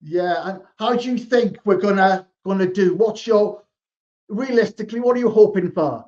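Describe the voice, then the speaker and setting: A man hosting a podcast, asking questions in a relaxed, joking way. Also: high voice, normal speed, dull audio. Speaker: podcast host. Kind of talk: casual podcast chat.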